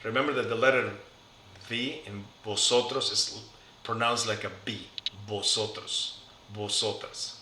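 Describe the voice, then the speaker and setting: In a recorded lesson, a middle-aged man who teaches Spanish goes through each form carefully and patiently, one by one. He speaks at a moderate pace in a steady, medium-pitched voice that's bright and forceful, with room echo and faint background noise.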